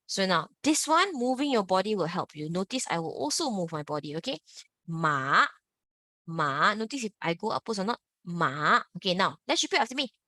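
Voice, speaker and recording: A woman's voice: medium pitch, sing-song, fast talker, hardly any pauses, a bit bright, no echo. A woman teaching an online Mandarin class, drawing out each tone in big swoops and leading repeat-after-me drills. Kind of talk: online language lesson.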